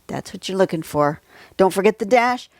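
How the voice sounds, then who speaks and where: A woman's voice: medium pitch, animated, moderate pace, no echo, clean studio sound. A woman hosting a casual livestream drawing lesson, chatty and rambling with many asides, recorded on a phone at home. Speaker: drawing tutorial host.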